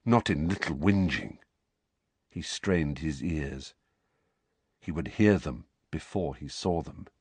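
A man's voice: very deep voice, slow pace, pauses often, darkish tone, husky, dry recording. A man narrating an audiobook, reading a tense fantasy scene dramatically. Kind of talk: scripted narration.

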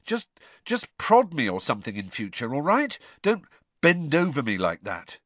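Teen schoolboy hero, read by a man, plain and lively, dry close sound. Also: medium pitch, moderate pace, no room sound, pitched above the performer's own voice. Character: young teenage schoolboy hero. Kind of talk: audiobook character voice.

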